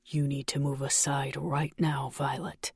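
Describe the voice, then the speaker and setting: Female narrator voicing a menacing older man, low and icy. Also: flat delivery, normal speed, gravelly, breathy edge, no echo, clean studio sound, full character voice.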